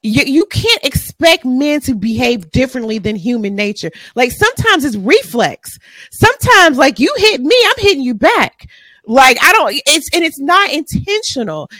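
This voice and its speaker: A woman's voice: high voice, pushed and bright, no echo. A woman, co-hosting a podcast, ranting bluntly and with profanity in casual chat. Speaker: podcast co-host.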